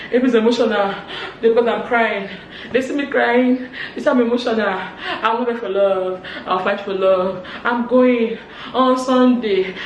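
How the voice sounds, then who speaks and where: A woman with a Nigerian accent voicing a dramatic, emotional young man, making loud, indignant declarations. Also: fairly high pitch, slight background noise, pitched above the performer's own voice, lightly acted. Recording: roomy, distant mic.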